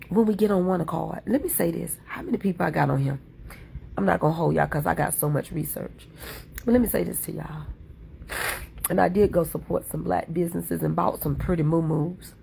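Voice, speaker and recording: A woman's voice: deep voice, vocal fry, mellow, slight background noise. A woman livestream host talking in a fervent, preachy way, repeating her points over and over. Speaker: livestream content creator. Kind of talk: impassioned livestream talk.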